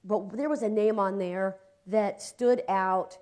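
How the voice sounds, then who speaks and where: A woman from Ohio, a guest in casual conversation, telling stories with lively energy and frequent laughter. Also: medium pitch, slow pace. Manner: animated storyteller, voices quotes, laughs a lot. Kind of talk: casual chat, storytelling.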